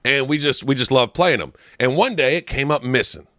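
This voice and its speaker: A young man co-hosting a crude comedy podcast, an animated storyteller who swears a lot and breaks into laughs. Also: mid-range voice, fairly quick, dry recording. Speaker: podcast co-host.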